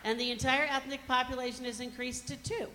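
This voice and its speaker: Brash bright-voiced woman comic. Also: high voice, level tone, brisk. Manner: brash, self-mocking punchline delivery. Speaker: stand-up comedian. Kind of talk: stand-up comedy routine. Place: comedy club stage. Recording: reverberant hall, faint background noise.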